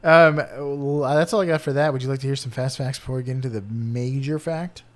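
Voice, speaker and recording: A man's voice: mid-range voice, fairly even intonation, fairly quick. A man co-hosting a casual podcast, reading out animal facts and joking around between them. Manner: playful, reads facts then riffs with jokes. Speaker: podcast co-host presenting bird facts. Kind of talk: casual chat.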